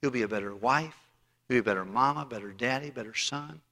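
A male pastor preaching with a gravelly, forceful voice. He is emphatic and tells stories, often restarting his phrases. His sermon rings with the long reverb of a church auditorium. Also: medium pitch, fast.

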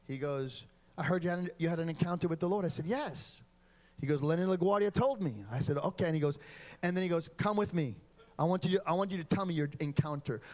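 Man preaching with rising fervor. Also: high-pitched. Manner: storytelling that builds to loud, fervent preaching. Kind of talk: sermon with a personal story.

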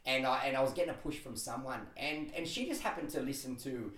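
A man chatting on a podcast and telling his stories quickly and with lots of laughter. His voice sits at an everyday pitch and comes across roomy, as if he sits a little away from the microphone. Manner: animated storytelling, quick and laughing. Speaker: podcast guest, personal trainer and speaker. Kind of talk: casual podcast chat. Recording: roomy, a bit distant from the mic.

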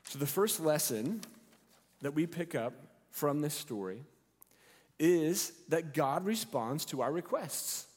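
A man's voice: a little high, expressive, takes it slowly, darkish tone, husky. A male pastor preaching a sermon, retelling the story expressively and acting out the characters' lines. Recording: long hall reverb.

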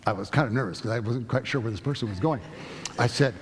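A pastor preaches a sermon in a church sanctuary, telling stories conversationally and restarting his sentences often. His medium-pitched voice moves at a quick pace, with long sanctuary reverb and a little hiss or hum in the recording.

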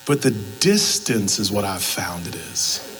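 A man's voice: lowish voice, measured pace, long reverb tail, soft background music, low-quality recording. A man preaching a sermon as pastor, telling stories and acting out both sides of conversations. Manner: animated storytelling, acts out both sides of conversations.

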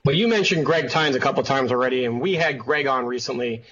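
A man's voice: mid-range voice, fast, fairly bright tone. A man hosting a podcast, asking an interview guest questions in a friendly way. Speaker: podcast host. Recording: dull lo-fi audio, faint clicks.

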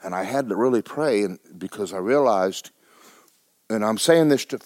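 A man, a pastor preaching and telling a story with animated bursts of loud shouting. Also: fairly low pitch, moderate pace, no room sound. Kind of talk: sermon.

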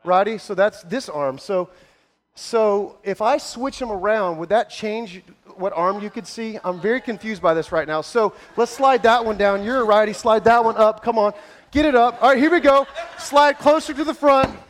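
High-voiced pastor, excitable and hoarse. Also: male voice. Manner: energetic, joking, shouting with excitement. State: out of breath, scratchy throat. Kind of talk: lively church service hosting. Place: large church hall with congregation.

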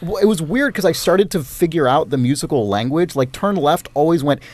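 A man's voice: a little high, animated, fairly quick, darkish tone. A man co-hosting a casual chat, telling a story in a rambling way, full of "like" and swearing. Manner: rambling, heavy use of "like," swears freely.

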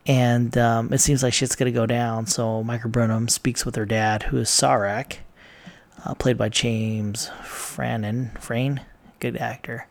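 A man's voice: mid-range voice, little pitch movement, measured pace, vocal fry. A man casually recapping TV episodes, rambling and swearing with plenty of ums and uhs. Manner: rambling, profane, lots of fillers. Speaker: TV recap vlogger.

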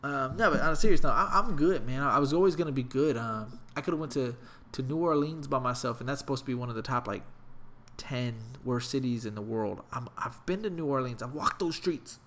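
A man telling a story in a casual, profane, animated rant. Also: medium pitch, brisk. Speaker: vlogger.

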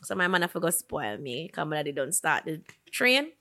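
A woman's voice: sits low, a little fast, slight background noise. A woman co-hosting a podcast, chatting and laughing while she acts out the voices of people in her stories. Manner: lively and laughing, drops into quoted voices. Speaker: podcast co-host. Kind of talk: casual chat.

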